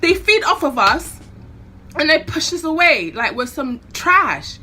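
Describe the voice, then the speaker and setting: A woman's voice: high voice, sing-song, a little slow, pushed and bright, faint music behind. Fired-up young woman ranting to camera. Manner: impassioned, swearing, fired-up ranting. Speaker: vlogger. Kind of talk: casual opinion rant to camera.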